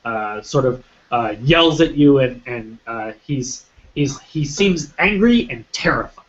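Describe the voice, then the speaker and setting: A man running a tabletop game as game master, describing scenes with many pauses and restarts. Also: mid-range voice, expressive, highs cut off. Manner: hesitant, many ums and restarts.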